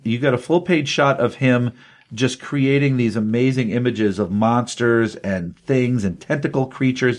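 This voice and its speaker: A man in casual podcast conversation, walking through a comic's plot with energy. He tosses off dialogue as he goes, keeping the tone loose and chatty. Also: medium pitch. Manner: animated retelling, acts out quotes. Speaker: comic book podcast co-host. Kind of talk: casual comic review chat.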